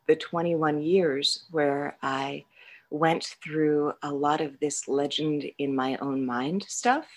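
A middle-aged woman with a low, deep-set voice tells her own story in a candid, conversational way. She mocks herself, laughs often and talks in fillers and restarts. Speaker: guest sharing her recovery story.

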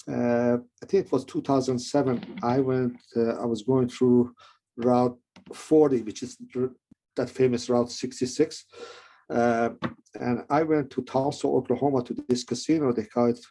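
Man, middle-aged, non-native accent, husky dark voice, halting testimony, frequent restarts. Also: mid-range voice, steady tone. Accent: non-native English. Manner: rambling, halting with many restarts. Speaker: person telling his recovery story. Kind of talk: personal testimony.

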